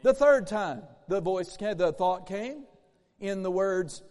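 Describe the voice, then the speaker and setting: High-voiced preacher in a reverberant church. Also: male voice, expressive, slow, darkish tone. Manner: emphatic and repetitive, acts out laughter. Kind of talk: sermon. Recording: long hall reverb in a church.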